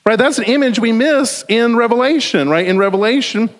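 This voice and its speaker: A man preaching a sermon in a lively, conversational way, often checking in with "right?". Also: very high voice, brisk. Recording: long hall reverb.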